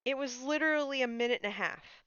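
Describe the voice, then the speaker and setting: Her voice sits high and bright, forceful yet smooth, and she talks quickly. This woman is a gaming streamer in casual chat, a storyteller who fills her talk with fillers, heard in a muffled recording with no echo.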